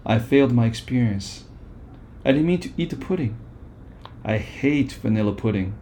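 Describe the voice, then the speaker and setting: A man's voice: mid-range voice, expressive, normal speed, dark tone, a little hiss or hum, lightly acted. A man voicing a fussy, snappish female terrier dog in a read-aloud story. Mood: whiny. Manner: snappy, huffy storybook lines.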